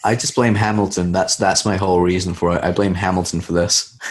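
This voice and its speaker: Man, lowish voice, British accent with hard American r's, casual guest chat, lively quoting. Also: normal speed. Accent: British with American touches. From Tanzania, raised in the UK. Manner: animated storyteller, quotes others in lively voices. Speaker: podcast guest.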